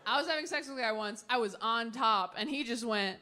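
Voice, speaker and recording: A woman's voice: fairly high pitch, a little fast. A young woman from Los Angeles doing a stand-up set on a club stage, firing off self-mocking punchlines and stretching out quoted lines. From Los Angeles, United States. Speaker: stand-up comedian. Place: comedy club stage before a live audience. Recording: audience noise and laughter behind. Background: crowd laughter.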